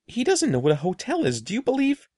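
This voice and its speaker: A man voicing a curious, anxious young girl who speaks in a lively way. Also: very high voice, quick pace, dry recording, studio quality, voice pushed up, full character voice. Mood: worried.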